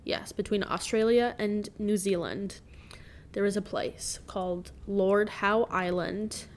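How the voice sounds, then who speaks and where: A woman's voice: medium pitch, fairly even intonation, takes it slowly, a little hiss or hum. A young woman, a student, co-hosting a casual podcast chat, reacting with dry exasperation and laughter.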